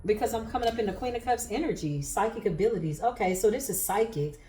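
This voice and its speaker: A woman's voice: mid-range voice, lively intonation, fast talker, mellow, slight background noise. A chatty woman working through a tarot spread for her viewers. She laughs freely and keeps up a running stream of sassy asides. Her voice rings a little in a roomy, echoey space. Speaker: tarot reader. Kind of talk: casual livestream tarot reading.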